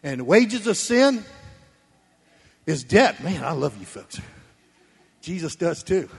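A man preaching a sermon, blunt and folksy, swinging between loud emphasis and soft asides. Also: fairly high pitch, big pitch swings, slow, creaky, long pauses, husky, soft background music. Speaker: pastor. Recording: long reverb of a church hall.

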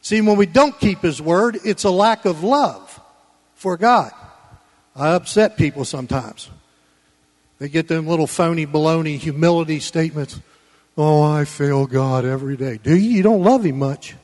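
A man preaching a Sunday sermon in church, folksy and conversational, swinging between loud emphatic lines and quiet low asides. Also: animated, a little slow, long pauses, in a large hall. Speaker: pastor.

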